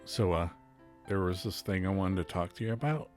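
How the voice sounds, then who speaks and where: A man playing a self-assured, grandiose rich boyfriend in a comic scene read-through, speaking slowly and deliberately. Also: low-pitched, expressive, darkish tone, faint music behind, pitched below the performer's own voice. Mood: solemn.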